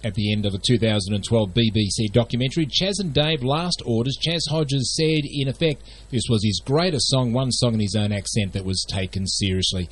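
A man presenting a retro music radio show in a measured, scripted manner. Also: mid-range voice, husky. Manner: measured, trivia-quiz delivery. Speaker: radio host.

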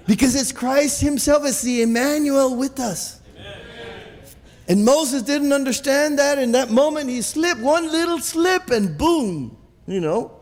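High-voiced preaching man in a hall. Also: measured pace. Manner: animated preaching with many restarts and repeated "Amen?". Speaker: pastor. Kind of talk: sermon. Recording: echoey hall with long reverb.

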